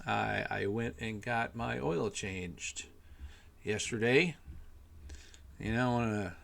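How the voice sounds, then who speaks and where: A man ranting in a casual monologue, rambling and exasperated, swearing often and filling pauses with "you know". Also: on the low side, gravelly, a bit bright. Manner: profane, rambling, exasperated, lots of fillers. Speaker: podcast host.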